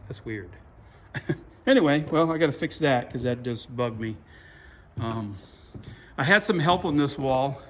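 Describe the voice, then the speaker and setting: A middle-aged man walking through the old barn he restored, talking in a halting, rambling way full of fillers. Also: medium pitch, lively intonation. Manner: rambling, halting, self-deprecating, many fillers. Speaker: farm owner showing his restored barn. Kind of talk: casual walkthrough vlog.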